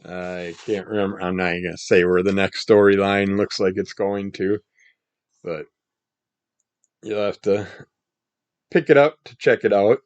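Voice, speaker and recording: A man reviewing comic books in a casual, rambling monologue, his voice scratchy from the morning and his throat needing clearing. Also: sits low, normal speed, pauses often, no room sound. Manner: rambling, relaxed, trails off mid-sentence.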